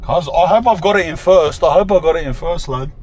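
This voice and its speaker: A man's voice: fairly high pitch, a little fast, a little mellow. A young man, vlogging while he drives and joking about it in heavy slang. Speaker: travel vlogger. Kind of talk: casual self-filmed driving commentary. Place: inside a moving car. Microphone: phone camera. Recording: road and engine noise from a moving car.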